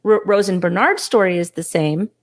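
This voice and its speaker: A woman co-hosting a relaxed podcast conversation, quick to jump in and laughing often as she talks. Her voice sits at a middle pitch for a woman. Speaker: podcast co-host. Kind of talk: casual chat.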